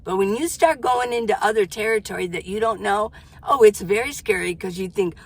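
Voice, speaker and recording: An older woman who vlogs about van life chats to camera from inside her minivan, her mid-range voice moving at a moderate pace over slight background noise. She's talkative and exclamatory, often cutting herself off mid-thought to start again.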